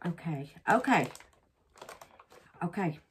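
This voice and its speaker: A woman's voice: fairly low pitch, expressive, slow pace, breathy edge. Woman chatting through a craft demo. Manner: chatty, exclaims, calls viewers babies. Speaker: resin craft vlogger. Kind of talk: casual craft demo chat.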